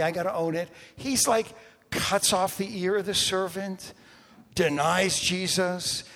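Male pastor, animated and jokey sermon delivery, slightly high voice, long hall reverb. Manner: animated, jokey, swings between hushed and loud.

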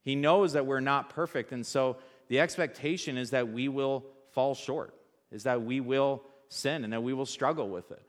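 A man's voice: mid-range voice, normal speed, long reverb tail. A man preaching a sermon in a church, talking conversationally and asking the audience rhetorical questions.

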